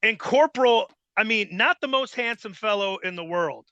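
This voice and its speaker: A man hosting a casual interview, joking and telling animated stories. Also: high voice, normal speed, no echo, lo-fi sound. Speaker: podcast host.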